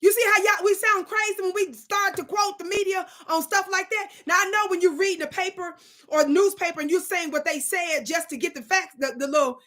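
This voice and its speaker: A woman's voice: very high voice, steady tone, fairly quick, pushed and bright. A woman hosting her own online show, talking to her live chat in an emphatic, preacher-like way and scolding commenters.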